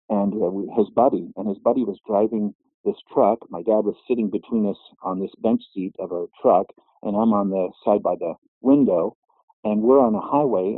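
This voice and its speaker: A man's voice: lowish voice, dry recording. A middle-aged man earnestly recounting his personal testimony, his voice rising when he recalls prayers. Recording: muffled phone-like audio.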